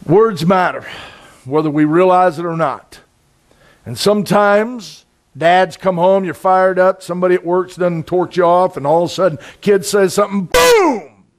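A middle-aged man preaching a sermon in a conversational, intense way, with sudden loud bursts. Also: high voice, normal speed. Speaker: pastor.

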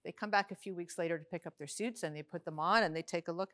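A woman telling a joke in a steady, deadpan storytelling manner. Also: on the low side, quick pace. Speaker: joke teller.

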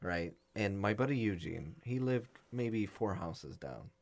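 A young man co-hosting a podcast, chatting casually as he tells stories. He talks in a loose, animated way and acts out each person he quotes. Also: fairly low pitch, a little slow. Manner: animated storyteller acting out quotes. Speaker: podcast co-host. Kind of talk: casual storytelling chat.

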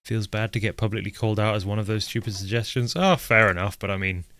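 Gravelly-voiced man streaming a game, chatty. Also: lowish voice, fast, a bit bright, no room sound. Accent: Northern English. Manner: chatty, reads chat aloud, swears at characters. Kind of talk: casual live game commentary.

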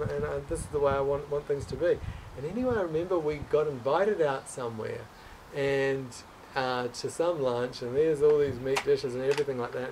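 A man's voice: fairly high pitch, darkish tone, distant mic, a little hiss or hum, poor audio. A man telling a personal story as a guest in a conversation. He speaks earnestly and with open emotion, stumbling, restarting and repeating words as he goes.

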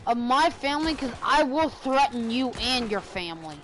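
A woman's voice: on the high side, lively intonation, moderate pace, a bit bright, slight background noise. A woman live-streaming a game, raging and swearing at her chat. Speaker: gaming streamer.

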